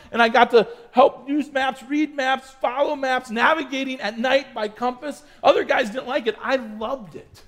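A man's voice: very high-pitched, fairly bright tone. A middle-aged man preaching to young cadets, telling a personal story with chatty asides to the audience. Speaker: youth pastor. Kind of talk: sermon to youth cadets.

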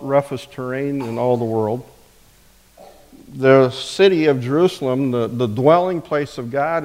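A man's voice: medium pitch, a little mellow. Man preaching in a reverberant hall. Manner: conversational, with rhetorical questions. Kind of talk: sermon.

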